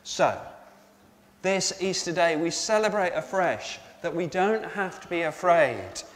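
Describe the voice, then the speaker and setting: A man's voice: sits high, animated, measured pace. A male pastor giving an Easter sermon to all ages. He asks the congregation questions and repeats their answers back to them. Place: church. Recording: reverberant church with faint noise.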